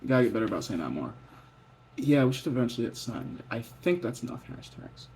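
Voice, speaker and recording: Husky young man rambling late at night. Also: mid-range voice, big pitch swings, a little fast, darkish tone. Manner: stream-of-consciousness, profane, drifting between mutters and whispers. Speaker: vlogger.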